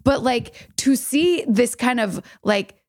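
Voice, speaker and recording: A woman's voice: fairly high pitch, lively intonation, takes it slowly, a little mellow. A woman co-hosting a casual podcast, effusive and enthusiastic, heaping praise on her co-host.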